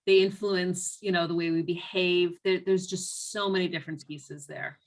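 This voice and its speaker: A woman's voice: lowish voice, steady tone, normal speed. Woman teaching a class over video call. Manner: reflective, repeats key phrases. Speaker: instructor. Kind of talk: online class lecture.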